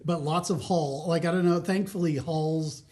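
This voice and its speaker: A man hosting a casual interview podcast, chatty, with quick reactions and laughs. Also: on the high side, steady tone, warm tone. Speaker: podcast host.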